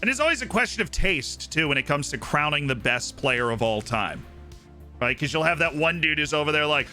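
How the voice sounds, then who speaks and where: A man's voice: on the high side, expressive, quick pace, sharp tone, faint music behind. A man streaming live, rambling through his opinions in casual chat and often checking in with "right?".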